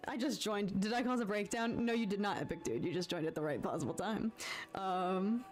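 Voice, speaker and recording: A young woman talks through her painting on a live stream, chatty and expressive at a middling pitch. Her mood swings from exasperated muttering to giddy relief as she works. Soft music plays faintly behind her. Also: brisk. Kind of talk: casual live-stream chat while painting.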